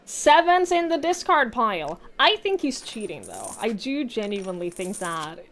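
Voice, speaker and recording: Fairly high-pitched and very animated, this woman streamer talks at a moderate pace with a little background noise. Commentating her live play, she addresses the game directly, curses, laughs and reasons aloud between moves, going from mutters to shouts.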